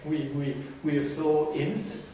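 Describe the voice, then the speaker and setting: A man's voice: on the high side, level tone, moderate pace, warm tone, a little hiss or hum. A man giving an informal talk to a group, conversational and teasing, often restarting his sentences and posing questions to listeners. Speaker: teacher addressing a group. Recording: very echoey room, distant mic.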